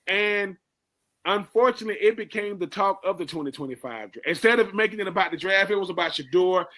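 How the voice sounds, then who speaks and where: This man talks high, expressive and a little fast, his tone pushed and bright. Co-hosting sports radio, he gives emphatic analysis aimed right at his partner, doubling up words for emphasis.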